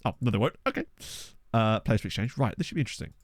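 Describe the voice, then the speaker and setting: A man's voice: medium pitch, lively intonation, very fast, no echo, clean studio sound. Chatty male streamer thinking aloud. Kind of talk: live-streamed game commentary. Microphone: desk condenser microphone.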